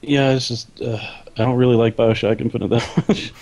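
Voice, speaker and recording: A young man co-hosting a podcast, chatting casually in a relaxed way, full of fillers and chuckles. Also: mid-range voice, a little fast. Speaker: podcast co-host. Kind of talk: casual chat.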